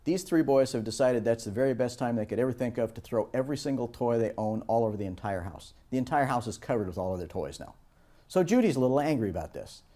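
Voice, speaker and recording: A man teaching a course on project management, giving a lecture and bringing it to life with animated anecdotes. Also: medium pitch, fast. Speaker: course instructor. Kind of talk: lecture with storytelling.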